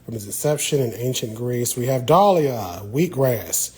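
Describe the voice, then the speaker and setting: A man's voice: medium pitch, normal speed, a little mellow, slight background noise, poor audio. A man hosting a casual live stream from inside a library, talking with viewers in a playful, teasing way. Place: indoor library.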